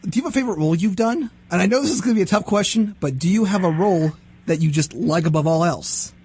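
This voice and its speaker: An excitable male host with a high voice, chatting loosely and rambling from one thought to the next. He breaks into bits of theme songs as he talks. The tone is casual and eager. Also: fast talker, breathy edge. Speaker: podcast host. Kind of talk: casual interview chat.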